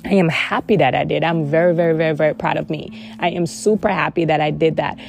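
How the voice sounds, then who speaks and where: A woman's voice: sits low, fairly even intonation, fast talker, gravelly. A woman speaking earnestly in a heartfelt casual monologue, repeating words for emphasis. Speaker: vlogger sharing personal experience.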